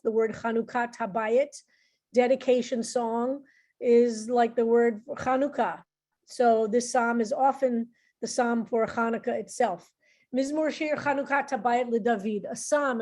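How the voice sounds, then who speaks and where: A woman's voice: fairly high pitch, a little mellow. A middle-aged woman rabbi teaching a psalm class in an informal, explanatory way, often restarting her sentences.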